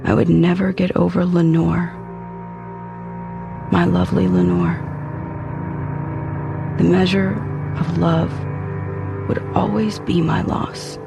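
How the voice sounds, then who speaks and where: A man's voice: sits high, big pitch swings, slow pace, creaky, long pauses, highs cut off, loud music behind the voice. Brooding man narrating a haunted tale. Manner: intense, brooding, haunted storytelling. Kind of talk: dramatic first-person audio drama narration.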